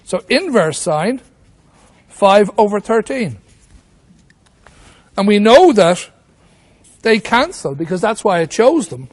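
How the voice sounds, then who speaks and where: Sitting high in pitch, this man's very animated voice moves slowly with frequent pauses. Giving a whiteboard maths lesson, he talks through the steps and poses questions to himself as he works.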